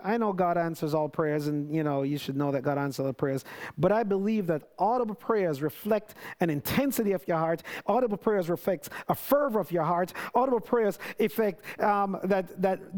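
A man preaching a sermon in an earnest, conversational way, with many restarts and lively quoted prayers. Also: sits high.

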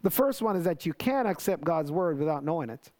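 A man preaching a sermon in an earnest, conversational way, with many restarts and lively quoted prayers. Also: fairly high pitch, brisk.

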